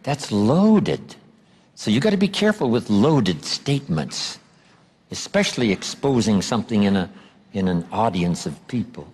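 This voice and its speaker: A man giving a motivational seminar lecture, emphatic and drawing out key words slowly. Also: on the low side, very animated, a little mellow, breathy edge. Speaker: seminar speaker. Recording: long hall reverb.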